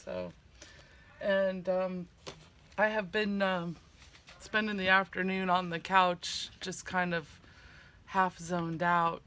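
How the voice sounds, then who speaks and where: A middle-aged woman chatting casually to camera at home in a craft vlog, with many fillers, low-key from a sinus headache. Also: flat delivery, slow pace, long pauses, pushed and bright, a little hiss or hum. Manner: chatty, many fillers, gasps and squeals of delight. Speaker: craft vlogger.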